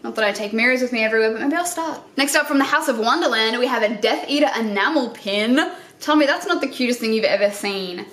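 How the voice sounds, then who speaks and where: A young Australian woman in her twenties chatting excitedly about books while unboxing, gushing and swearing freely. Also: on the high side, roomy sound. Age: 20s. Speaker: book vlogger. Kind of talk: casual unboxing chat. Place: indoor room under lights.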